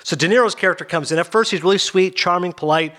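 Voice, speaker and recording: A man hosts a casual radio chat about movies. He talks very fast in a slightly high voice. He rambles and gets animated as he goes. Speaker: radio host. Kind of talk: casual film talk.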